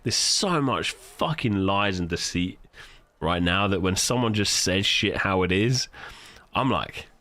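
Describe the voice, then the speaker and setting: A British man streaming live, chatting casually and telling stories in a profane, animated way. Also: sits low, measured pace. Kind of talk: casual livestream chat.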